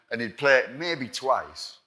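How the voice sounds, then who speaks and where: An older man from England, a guest musician telling animated anecdotes in a live interview, acting out quoted exchanges and swearing freely. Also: medium pitch, slow.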